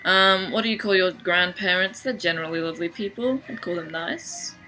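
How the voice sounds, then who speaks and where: A young Australian woman talks to camera at home in a flat, deadpan way, with a dry wit. Her voice sits a little low for a woman but has a bright, sharp edge. Soft music plays faintly behind her. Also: brisk, poor audio. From Sydney, Australia. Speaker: vlogger. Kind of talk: casual accent-challenge video.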